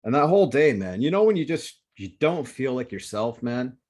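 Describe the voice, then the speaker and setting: A man hosting a podcast, telling a rambling story in casual chat with heavy swearing and lots of excitement. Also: mid-range voice, moderate pace. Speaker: podcast host. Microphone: remote call setup.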